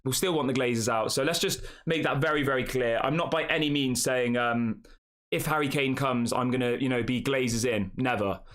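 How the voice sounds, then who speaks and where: A man's voice: medium pitch, a little fast, a bit bright. A young man hosting a casual football live stream, chatting and talking straight to his viewers. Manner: chatty, addresses the chat as guys. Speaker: football channel host.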